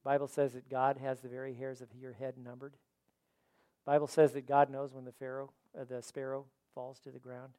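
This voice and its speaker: A man preaching a sermon in an auditorium, building to loud declarations and dropping to quiet appeals, sometimes repeating words as he goes. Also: mid-range voice, monotone, normal speed. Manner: preaching with rising and falling intensity, repeats words. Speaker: pastor.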